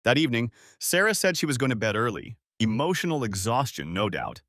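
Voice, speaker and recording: A man narrating a first-person revenge story in a measured, wry storytelling manner, recorded close to the mic. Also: medium pitch, big pitch swings, fairly bright tone, no echo.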